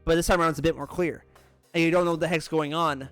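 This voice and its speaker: A man's voice: fairly high pitch, smooth, soft background music. A man co-hosting a casual podcast, animatedly retelling a game's story and acting out the characters' lines. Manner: animated, acts out characters' lines in quick voices. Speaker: podcast co-host.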